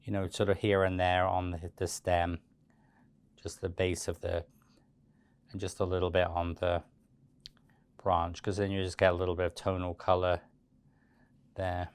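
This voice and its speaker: A man giving a relaxed, chatty step-by-step cake decorating tutorial, with frequent fillers and restarts. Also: deep voice, normal speed, long pauses, clear, resonant tone, no room sound.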